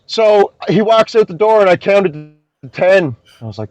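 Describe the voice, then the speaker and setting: A young man from Scotia, a podcast guest telling an animated story and swearing constantly. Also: sits high, moderate pace, dry recording, highs cut off. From Nova Scotia, Canada. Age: young adult. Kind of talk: casual storytelling.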